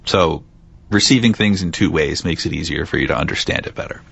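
A man's voice: rumbling low, brisk, vocal fry, fairly bright tone, slightly rough, dull audio. A man hosting a casual podcast, reading out facts and teasing his co-host with frequent laughs.

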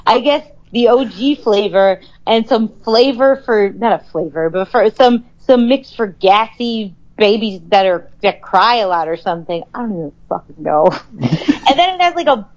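A woman's voice: medium pitch, lively intonation, moderate pace, a little mellow, dull audio. A woman co-hosting a podcast, telling a story in casual chat with an exasperated, profane manner. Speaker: podcast co-host.

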